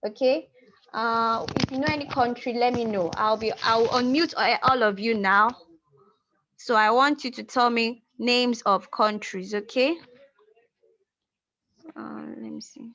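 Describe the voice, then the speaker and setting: A woman leads a language class over a video call, patiently repeating words and prompting her students. Her voice sits on the high side with a fairly bright tone, and she speaks unhurriedly. The video call audio is muffled.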